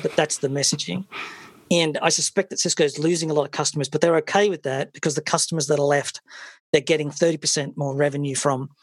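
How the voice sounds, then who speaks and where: A man's voice: fairly high pitch, dry recording, studio quality. A man hosting a tech podcast, talking in an opinionated, conversational way with a wry edge. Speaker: podcast host. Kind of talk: casual tech podcast chat.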